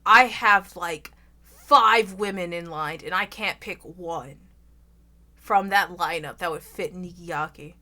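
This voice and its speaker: A young woman with an American Southern accent, chatting loudly and casually with her stream audience, rambling and swearing freely. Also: takes it slowly. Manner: loud, rambling, swears freely, bursts into shrill laughs. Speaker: VTuber streamer.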